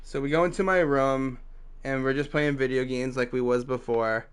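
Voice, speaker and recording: Smooth-voiced young man telling a story. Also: mid-range voice, steady tone, normal speed. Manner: loose and profane, heavy "like" fillers. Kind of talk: casual storytime.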